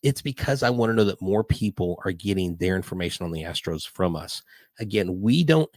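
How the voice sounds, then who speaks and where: An older man hosting a live podcast, talking in a hyper, rambling way. His voice sits a little low, and the sound is dry and close. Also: lively intonation, brisk, dry recording. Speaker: podcast host. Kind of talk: live-stream casual chat.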